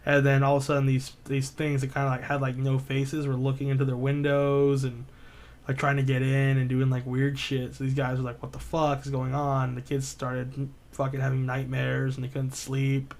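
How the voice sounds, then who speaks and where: A man's voice: mid-range voice, completely flat delivery, moderate pace, a little mellow. A man co-hosting a podcast in casual chat, rambling through a retold story with lots of swearing and filler words. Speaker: podcast co-host.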